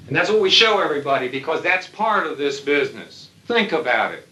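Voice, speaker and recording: Blunt bright-voiced man lecturing in echoey hall. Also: a little high, lively intonation, brisk, hardly any pauses. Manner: blunt, folksy, salty humor. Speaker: lecturer speaking to military aviators. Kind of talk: lecture to an audience. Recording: echoey hall, distant mic.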